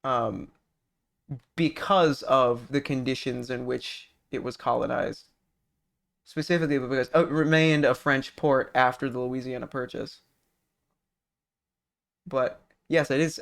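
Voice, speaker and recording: A man streaming, chatting casually with viewers, rambling, swearing and restarting his sentences. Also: medium pitch. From California. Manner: animated, profane, rambling with many restarts. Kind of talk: casual stream chat reading viewer messages.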